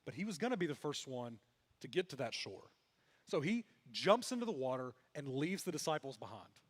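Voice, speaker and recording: A man's voice: medium pitch, big pitch swings, a little fast, breathy edge. A man preaching a sermon as pastor, telling the story with animation and acting out what the characters say. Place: church hall. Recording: long reverb of a church hall.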